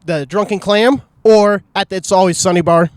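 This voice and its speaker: Male co-host, high voice, dry close sound, fast quips. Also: fairly even intonation, no echo. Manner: quick reactions and joking quips. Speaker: podcast co-host. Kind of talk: casual chat, asking would-you-rather questions.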